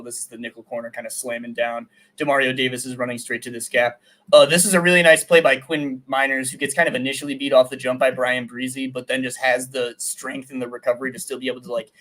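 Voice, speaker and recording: A young man co-hosting a sports podcast, breaking down game film in excitable casual chat, with lots of "like" fillers and casual swearing. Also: medium pitch. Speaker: podcast co-host and film analyst.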